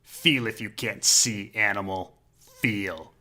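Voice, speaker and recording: Brutal storybook jailer, read by a man, low and clipped. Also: slow pace, sharp tone, heavily acted. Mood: menacing. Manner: curt, cold commands. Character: squat ugly cruel male captor.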